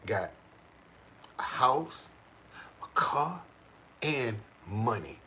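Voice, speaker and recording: A man telling stories casually to a small group, animated and profane, repeating words as he goes. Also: mid-range voice, slight background noise.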